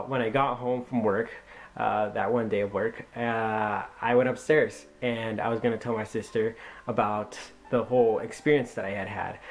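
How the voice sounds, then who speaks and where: A young man vlogging a personal story, excitable and acting out his own lines of dialogue. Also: mid-range voice. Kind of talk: storytelling vlog.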